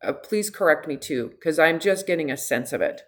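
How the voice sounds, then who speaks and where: A middle-aged woman coaching a client one-on-one in a frank, direct and animated way. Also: sits low, normal speed. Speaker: health coach. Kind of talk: one-on-one consultation.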